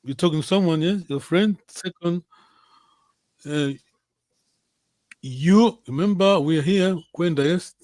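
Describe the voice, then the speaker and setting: Guy teaching a class on a video call, kinda high voice, dry sound, keeps saying "yes?" and fixing answers patiently. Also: slow pace, long pauses, a little mellow, no echo. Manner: patient, corrective, repeats "yes?". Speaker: language teacher. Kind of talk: online language class. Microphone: computer on a video call.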